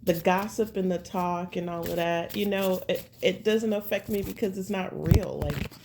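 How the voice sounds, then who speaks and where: A woman's voice: fairly low pitch, fairly even intonation, normal speed, background noise. A woman giving a casual tarot reading at home, talking straight to her viewers in a rambling, slangy, laid-back way. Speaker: tarot reader.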